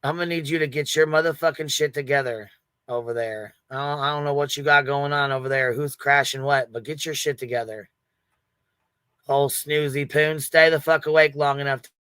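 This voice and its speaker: A man's voice: fairly high pitch, steady tone, moderate pace, pushed and bright, clear, resonant tone, dry recording. Brash, profane male livestream host. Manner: brash, profane, laughing often. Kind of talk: casual livestream chat.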